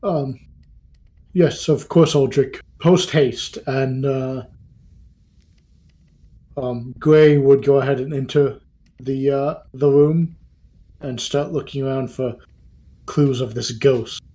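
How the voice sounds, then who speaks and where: Dark-toned hesitant player. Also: medium pitch, fairly even intonation, slow pace, pauses often. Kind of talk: tabletop role-play.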